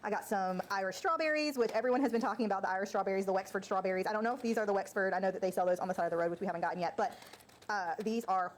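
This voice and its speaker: A woman's voice: medium pitch, slight background noise. A woman from North Carolina, chatting emotionally in a casual vlog, a bit teary and full of gratitude, with lots of fillers. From United States (North Carolina). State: teary-eyed. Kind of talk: casual vlog about groceries.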